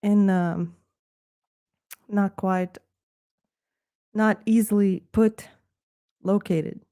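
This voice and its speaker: A woman hosts a live art stream with a slow, unhurried delivery. She puts on a wannabe British accent, playfully snooty and self-mocking, and her tone stays soft and mellow. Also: medium pitch, fairly even intonation. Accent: put-on wannabe British accent. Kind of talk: casual live-stream chat.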